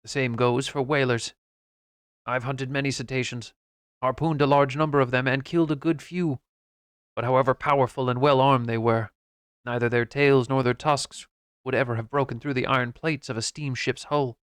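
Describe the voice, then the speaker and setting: A man reading an audiobook voices a blunt, skeptical harpooner who talks emphatically and a little louder. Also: mid-range voice, fairly even intonation, normal speed, clean tone, no echo, clean studio sound, natural voice. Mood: stubborn.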